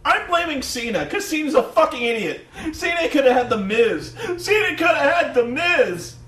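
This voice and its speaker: A man doing an impression of a frantic male sports commentator, yelling and swearing constantly. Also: high voice, unhurried. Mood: panicked. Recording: echoey room, distant mic, faint hum.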